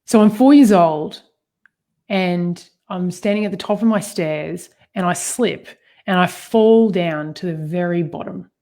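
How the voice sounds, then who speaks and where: A woman with a lowish voice co-hosts a personal talk about healing at a measured pace. Her stories are animated, full of fillers, and often broken up by laughter.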